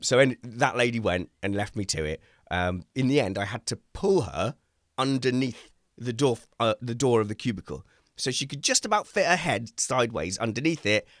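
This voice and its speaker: A man's voice: medium pitch, dry recording. Man telling rambling stories, dry sound. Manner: rambling, animated storyteller who acts out quotes; self-mocking, laughs at his own stories. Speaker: host. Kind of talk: casual chat.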